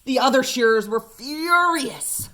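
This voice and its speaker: A woman librarian with an American accent, reading a picture book aloud at storytime in an expressive way. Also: high-pitched, unhurried. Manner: animated, expressive. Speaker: children's librarian.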